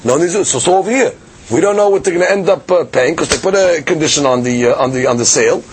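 A man teaching a daily Talmud class, his voice set a little higher than most. He explains in an animated, chatty way, full of fillers and restarts. A faint noise sits behind the recording. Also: fast talker.

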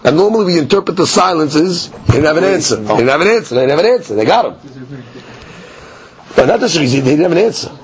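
High-pitched man, Talmud class teacher, animated debater, muffled lo-fi sound. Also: fast. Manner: animated, acts out both sides of the argument. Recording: dull lo-fi recording.

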